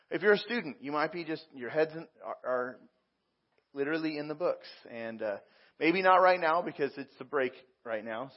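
A man's voice: a little high, lo-fi sound. A man preaching a sermon as a pastor, talking conversationally with frequent repeats and fillers.

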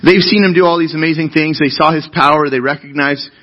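A man's voice: fairly high pitch, steady tone, quick pace, muffled recording. A man preaching a sermon as pastor, talking to the congregation in an earnest, conversational way and asking them questions.

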